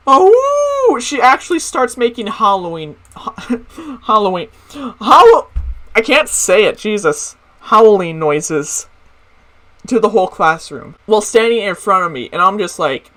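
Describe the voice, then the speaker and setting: A young adult tells funny school stories in a bright, lively voice. The talk is loose and profane, and it is peppered with "like" fillers. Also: mid-range voice. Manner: casual, profane, many "like" fillers. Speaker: storyteller. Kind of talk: comedic personal storytelling.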